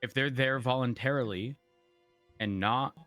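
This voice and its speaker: A man's voice: medium pitch, unhurried, bright, forceful tone, dry recording, soft background music. A man playing a police officer in a roleplay discussion, asking pointed questions with many hesitations.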